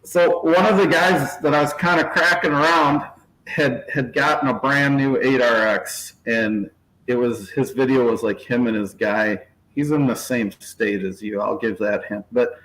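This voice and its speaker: A man's voice: medium pitch, a bit bright. Rambling man in an echoey shop office. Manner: rambling storyteller with mock voices and laughs. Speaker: channel host. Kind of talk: casual video chat. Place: small workshop office. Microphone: laptop. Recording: echoey room.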